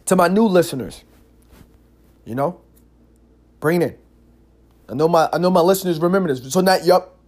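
A man with a slightly higher voice talks through a casual solo podcast. He tells stories in loose, slangy street talk, swears often, and keeps saying "yo" and "like". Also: normal speed, long pauses. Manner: animated, slangy storytelling with frequent "yo" and "like"; curses freely. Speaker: podcast host.

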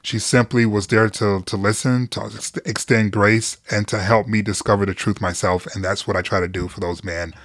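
A man's voice: fairly low pitch, level tone, normal speed, few pauses, fairly bright tone, dry recording, studio quality. A middle-aged man speaking as a podcast guest, telling personal stories candidly and earnestly, laughing easily and swearing casually. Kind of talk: candid conversational storytelling.

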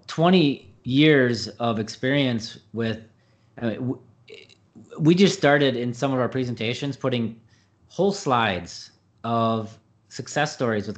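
Rambling middle-aged man, diet coach. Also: medium pitch. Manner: rambling, frequent fillers and restarts. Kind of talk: conversational interview answer.

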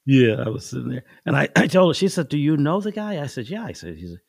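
A man's voice: a little high, big pitch swings, fast talker, vocal fry, darkish tone, no room sound, studio quality. A middle-aged man telling stories from his life in a casual chat, folksy and chuckling, acting out the people in his anecdotes.

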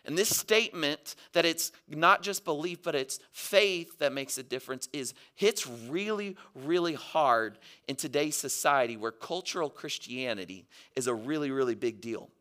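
A man's voice: a little high, expressive, normal speed, few pauses, pushed and bright. A man preaching a sermon as a pastor in a church, talking conversationally and slipping into sarcastic quoted asides and everyday illustrations. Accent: Southern US.

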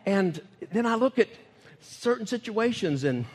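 An older male pastor preaching with a lively, swooping delivery, his voice sitting a bit high and sounding husky. His words ring out into a church with a long, trailing reverb. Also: unhurried. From United States. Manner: animated preaching, repeating key phrases for emphasis. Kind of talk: sermon. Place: church sanctuary.

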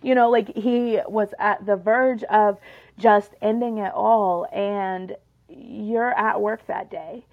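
A woman's voice: mid-range voice, steady tone, slow, narrow, tinny audio. A young woman hosting a faith podcast, talking earnestly and emotionally with many fillers, her nose a little stuffed up. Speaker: podcast host. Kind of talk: casual faith podcast monologue.

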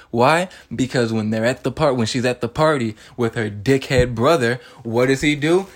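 A man in his twenties recaps a movie in a casual, animated monologue, swearing freely and tossing in joking asides. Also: medium pitch. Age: 20s. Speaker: film reviewer.

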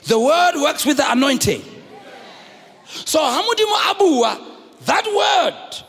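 A middle-aged South African man preaching a lively sermon as a bishop, often shouting and acting out the characters in his stories. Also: very high voice, measured pace. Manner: animated, often shouting, acts out voices. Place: large church hall. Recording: live church recording with long reverb.

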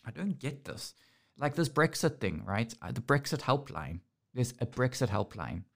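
A man's voice: mid-range voice, sing-song, moderate pace, vocal fry, fairly bright tone. A man hosting a casual podcast, ranting sarcastically and often restarting his sentences. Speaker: podcast host.

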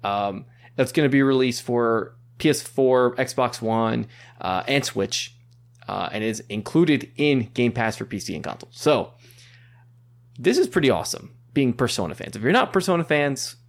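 A man hosting a casual chat, upbeat and quick, with fillers and restarts. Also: medium pitch, expressive. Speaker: podcast host. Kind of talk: casual chat, presenting news.

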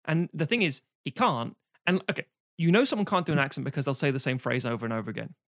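A man's voice: on the high side, fast talker, a bit bright, no echo, clean studio sound. A man co-hosting a casual film-review chat, sarcastic and swearing freely, slipping into mock voices. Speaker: podcast co-host.

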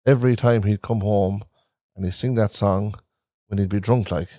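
A man's voice: on the low side, fairly even intonation, moderate pace, mellow, no room sound, clean studio sound. A man with an Irish Traveller accent, a podcast host who rambles and repeats himself while telling family stories in a casual chat recorded in a caravan.

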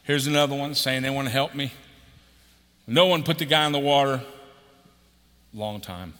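A man's voice: mid-range voice, normal speed, fairly bright tone. A man in his sixties, an executive pastor preaching a conversational sermon and acting out quotes with a raised voice. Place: church auditorium. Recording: long hall reverb.

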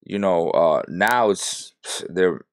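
A man's voice: low voice, animated, slow pace, dry recording, clean studio sound. A man giving a blunt, exasperated reaction rant about politics, swearing freely as he talks. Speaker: political commentator reacting to a clip.

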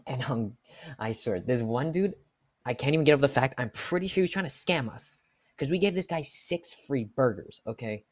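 A young man who works in fast food, telling an exasperated, slangy story in a casual vlog. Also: medium pitch, lively intonation.

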